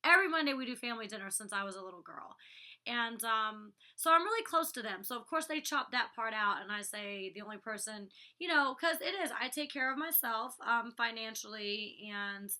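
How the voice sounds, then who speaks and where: A woman's voice: on the high side, expressive, a little fast, bright, forceful tone. A woman in her twenties chatting through a casual vlog recap, saying "like" and "you know" a lot. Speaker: reality show cast member recapping an episode.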